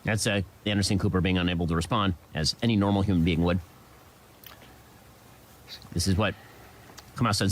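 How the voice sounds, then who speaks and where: A man hosting a political commentary show, delivering a rapid, emphatic, indignant monologue with repeated phrases. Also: low-pitched, fairly even intonation, a little hiss or hum.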